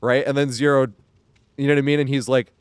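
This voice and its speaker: A man streaming games and chatting casually, rambling with lots of fillers and quick laughs. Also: medium pitch, level tone, smooth, dry recording, studio quality. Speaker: game streamer. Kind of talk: casual live-stream chat.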